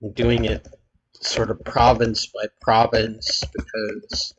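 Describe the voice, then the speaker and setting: A man hosting his channel, thinking aloud as he plays a geography quiz, hesitant and halting with many filler pauses. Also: on the low side, completely flat delivery, a bit bright, slightly rough, low-quality recording. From United States.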